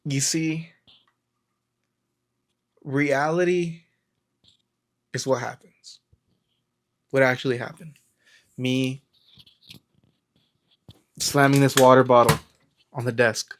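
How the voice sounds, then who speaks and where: A man's voice: mid-range voice, steady tone, slow, long pauses, a bit bright. Casual rambling male self-help vlogger. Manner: rambling, storytelling, acts out quotes, frequent fillers. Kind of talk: casual motivational talk to camera.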